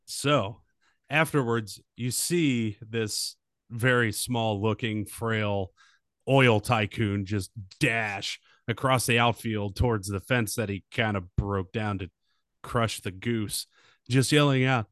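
A man's voice: lowish voice, takes it slowly, a bit bright, no room sound, studio quality. A man running a comedic tabletop game as game master, narrating in a playful way. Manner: playful storyteller, jumps into voices.

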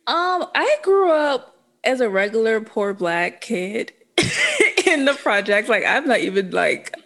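A woman's voice: on the high side, sing-song, slow pace, a bit bright. A woman, sounding a bit sniffly, talking candidly and casually with laughs and slang. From New Orleans, Louisiana. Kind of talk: casual chat.

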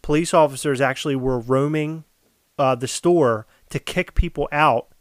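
A man from co-hosting a casual podcast, telling stories in animated, profane bursts. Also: mid-range voice, moderate pace, no room sound, clean studio sound. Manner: animated storytelling, swearing, loud bursts. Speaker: podcast co-host.

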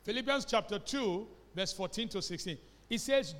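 A man's voice: high-pitched, lively intonation, moderate pace, a bit bright, in a large hall. A man with a Nigerian accent preaching a sermon as a pastor, emphatic, asking the congregation questions and slipping into Pidgin phrases. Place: church hall.

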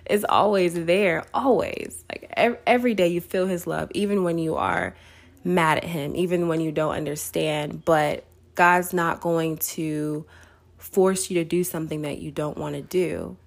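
Woman, podcast host, casual faith talk, chatty, lots of fillers, somewhat low pitch. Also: fairly even intonation, unhurried, vocal fry. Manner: conversational, many fillers, laughs often.

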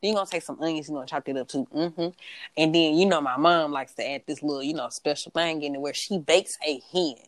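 Southern woman, podcast co-host, lowish voice, dry sound, fired-up casual rants. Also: fast talker, no echo. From Mississippi. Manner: animated, ranting, swears freely. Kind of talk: casual chat.

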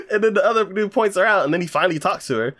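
A man's voice: high voice, lively intonation, fast, a bit bright. A man in casual chat reviewing an anime, rambling and hesitant with lots of fillers. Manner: rambling, hesitant, many fillers, laughs often.

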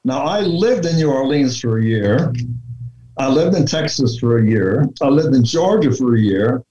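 A man talking through his research in a relaxed interview, deliberate and full of fillers and restarts. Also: medium pitch, slight background noise. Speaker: researcher guest. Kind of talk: conversational interview talk. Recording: dull lo-fi sound.

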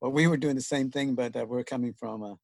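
Man, from Mexico, mid pitch, dry recording, hesitant storyteller. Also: fast talker, vocal fry, a little mellow, no room sound. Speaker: panelist. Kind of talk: casual group discussion.

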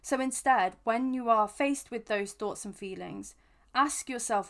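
A woman hosting a podcast, giving reflective self-help advice in an earnest, gentle way with frequent restarts. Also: fairly high pitch, unhurried. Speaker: podcast host.

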